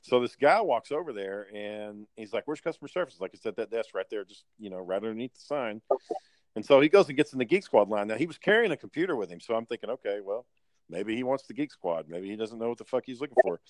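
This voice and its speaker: A man's voice: lowish voice, expressive, fast, dry recording. A man telling a blunt, profanity-laced story in casual chat.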